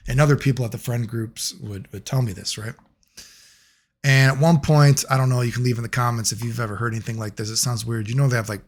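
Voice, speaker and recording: A man telling a long personal story in a casual monologue, rambling and profane, getting animated when he quotes other people. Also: medium pitch, breathy edge. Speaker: video creator.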